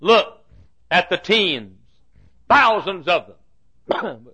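A man preaching a sermon, telling a Bible story with dramatic swings from loud declarations to hushed asides. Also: sits high, lively intonation, drawn-out words, husky. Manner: acts out the Bible characters' lines.

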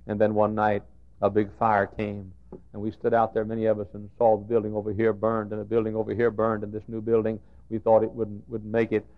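A middle-aged pastor preaches in a church sanctuary in a lowish, monotone voice at a slightly fast pace, dropping to near-whispered storytelling and then erupting into shouts. The audio is muffled and lo-fi, like an old church tape.

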